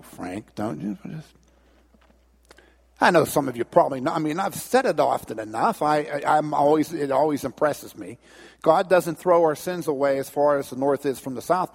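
A man preaching a sermon, telling a folksy story with animated delivery, in a long-echoing hall. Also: a little high, husky. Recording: long reverb in a large hall.

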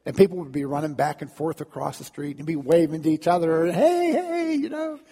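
A man's voice: a little high, steady tone, fast talker, mellow, slightly rough, big-room sound. A man preaching a sermon in a storytelling manner, often repeating words and acting out crowd voices. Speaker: pastor.

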